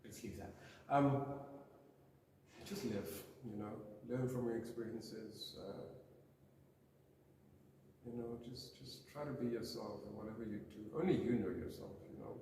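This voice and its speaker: A man's voice: fairly low pitch, unhurried, long pauses. A young man, a guest on a podcast, chatting casually in a rambling, self-deprecating way with lots of fillers. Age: young adult. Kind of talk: casual chat. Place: room on a university campus. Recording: echoey room, mic far off, noisy.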